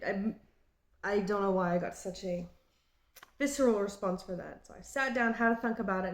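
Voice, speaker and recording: A woman from Australia in her late twenties or thirties, with an Australian accent, talking in a halting and reflective way in a personal vlog. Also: a little high. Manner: halting and reflective, with frequent restarts. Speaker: vlogger. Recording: roomy echo.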